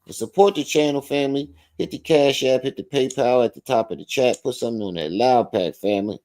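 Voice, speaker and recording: A man hosting a livestream, reacting to a clip with animated, mocking commentary. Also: medium pitch, brisk. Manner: animated, mocking, repeats phrases. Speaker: livestream host.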